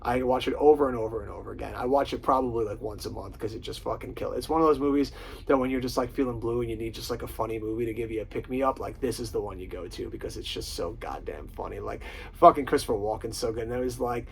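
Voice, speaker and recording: A man with a medium-pitched voice and vocal fry talks fast while hosting a casual movie countdown, gushing about his favorite comedies and swearing often. He quotes lines in put-on voices with profane enthusiasm, and the low-quality recording has slight background noise.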